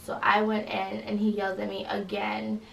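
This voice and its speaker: A young woman, a college student, recounting an incident in an interview, halting and full of fillers. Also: medium pitch, completely flat delivery, vocal fry, a bit bright. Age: young adult. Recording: roomy echo, distant mic, faint noise.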